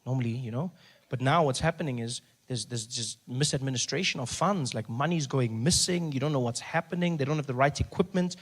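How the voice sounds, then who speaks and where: A male stand-up comedian, telling a story in an animated way and acting out scenes. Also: medium pitch, fairly quick. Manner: animated, acts out scenes, rising to shouts.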